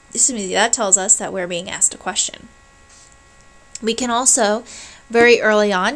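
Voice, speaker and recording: In a recorded college lecture with poor audio, a woman with a mid-range, slightly bright voice patiently explains each point. She often checks in with "right?" and "okay?" before moving on, and occasionally makes baby sounds aloud to demonstrate.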